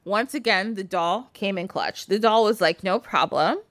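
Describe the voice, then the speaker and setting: An animated woman from the United States retells a folk tale in a casual, chatty way, laughing often and leaning on fillers. Her pitch is typical for a woman. The sound is dry and close. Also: normal speed, dry recording. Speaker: podcast guest, folk practitioner. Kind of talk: casual storytelling.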